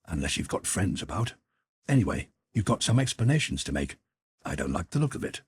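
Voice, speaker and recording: A man's voice: sits low, very animated, brisk, slight background noise. A man reading an audiobook, voicing a cool, self-assured young man who stays unflappable. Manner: cool and imperturbable.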